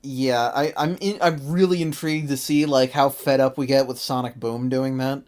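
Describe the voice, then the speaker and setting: Podcast host, mid pitch, casual review chat, quick to exasperated outbursts. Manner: animated, exasperated, laughs often.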